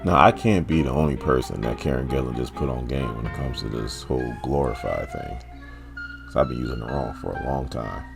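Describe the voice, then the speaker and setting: A man with a very deep, low voice recaps a comic book in a loose, chatty way, tossing in joking asides for his viewers. Faint music plays underneath. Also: wildly swooping pitch, brisk, creaky. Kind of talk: casual comic recap narration.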